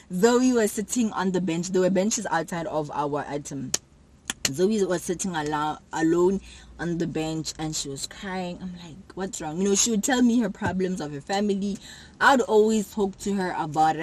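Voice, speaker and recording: A young woman telling a personal story to camera in a casual, animated way, acting out what people said. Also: fairly low pitch, low-quality recording. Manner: animated, acts out quotes with sudden loud jumps. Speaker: vlogger.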